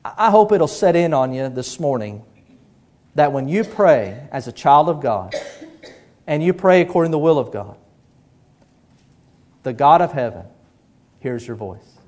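Animated preacher man, higher-pitched voice. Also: unhurried, long pauses. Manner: animated storytelling, drops to a hush for emphasis. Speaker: pastor. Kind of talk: sermon.

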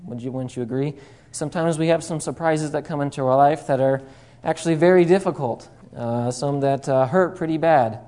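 A man's voice: on the high side, fairly quick, mellow. A man preaching a sermon, opening with a folksy joke told in a storytelling manner full of fillers and asides.

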